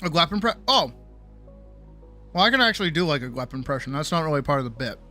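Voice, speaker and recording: A woman's voice: low voice, fast. A woman streamer chatting casually, swearing a lot and mocking herself. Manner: profane, animated, self-mocking. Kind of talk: casual live-stream chat. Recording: faint music behind.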